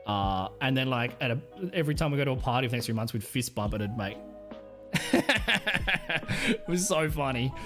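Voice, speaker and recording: A man's voice: medium pitch, wildly swooping pitch, moderate pace, music in the background. A man from Australia with an Australian accent, rambling crudely on a casual livestream and laughing often. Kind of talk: casual stream chat.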